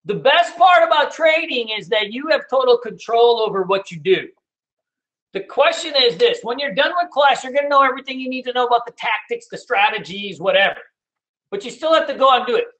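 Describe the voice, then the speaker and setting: A man with a very high voice gives a casual sales pitch for his trading course. His tone is bright and forceful, and he talks bluntly to the audience, swearing freely. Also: expressive, brisk, low-quality recording. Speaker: day trading instructor.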